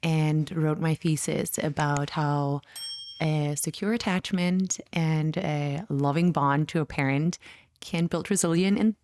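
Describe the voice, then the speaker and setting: Low-voiced woman, earnest guest. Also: fairly even intonation, darkish tone, slight background noise. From Germany. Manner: earnest, reflective, quick bursts of speech. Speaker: parent coach, podcast guest. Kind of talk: conversational interview answers.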